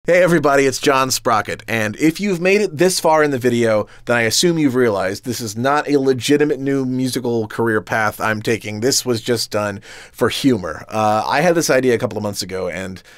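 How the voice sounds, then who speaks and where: Man, musician host, casual and self-mocking, filler-heavy; medium pitch, dry close mic. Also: fairly quick, no room sound. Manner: easygoing, self-deprecating, with frequent "uh" fillers. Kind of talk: comedy sketch and casual outro to viewers.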